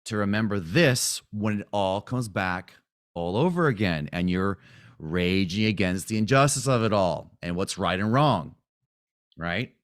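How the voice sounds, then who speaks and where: A man coaching a group, casually retelling a client's story, animated, often asking "right?". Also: lowish voice, unhurried. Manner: animated retelling, acts out quotes, frequent "right?". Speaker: spiritual coach.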